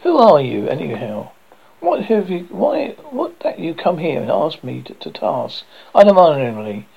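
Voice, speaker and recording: A man, a horror host, reading a classic ghost story aloud and stumbling over words as he restarts his lines with sudden swings in loudness. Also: a little high, huge pitch swings, a little slow, gravelly, muffled recording.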